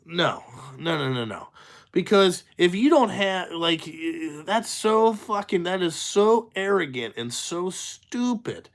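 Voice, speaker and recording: A man's voice: high-pitched, fairly bright tone. Male trucker vlogger, casual rant: blunt, foul-mouthed, exasperated, rambling with lots of fillers. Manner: profane, blunt, exasperated ranting with many fillers; talks in loose run-on asides, asks "you know what I'm saying?". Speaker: truck driver, channel host. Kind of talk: casual ranting vlog.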